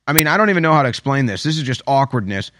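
A man's voice: medium pitch, animated, very fast, fairly bright tone, no echo, clean studio sound. A man giving an opinion commentary monologue, emphatic and sarcastic, with a habit of repeating phrases for effect. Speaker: political commentator.

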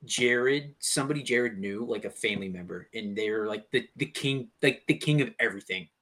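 Bright-voiced young man thinking aloud. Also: mid-range voice. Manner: halting, restarts sentences while thinking aloud. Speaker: co-host. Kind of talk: casual brainstorming chat.

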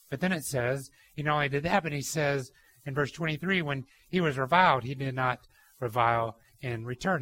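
A young adult man preaching a sermon, telling anecdotes with lively mimicry and shifting emphasis. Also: a little high. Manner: animated storytelling, mimics people in anecdotes. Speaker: pastor.

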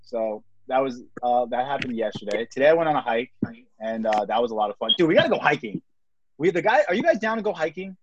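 A man's voice: medium pitch, sing-song, quick pace, lo-fi sound, background noise. A young man hosting a podcast in casual chat, rambling with lots of filler words. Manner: rambling, lots of "like" and "you know what I mean". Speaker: podcast host.

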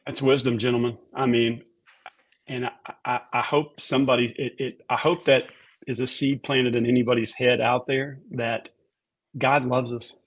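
His delivery is earnest as he talks about faith on a podcast, at a moderate pace with little movement in pitch. The man's voice is slightly husky and middle-range, and he repeats words for emphasis.

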